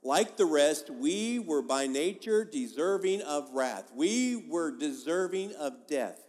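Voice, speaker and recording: A man's voice: on the high side, animated, slow. Man preaching in a reverberant hall. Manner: conversational, emphatic preaching that swings between loud and soft. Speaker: pastor. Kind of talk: sermon. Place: church sanctuary. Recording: long reverb of a large hall.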